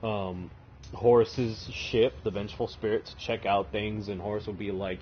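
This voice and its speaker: While playing, a gaming streamer with a fairly low voice rambles through a lore retelling, swearing a lot, in a flat delivery at a moderate pace. The audio sounds dull, with slight hiss or hum.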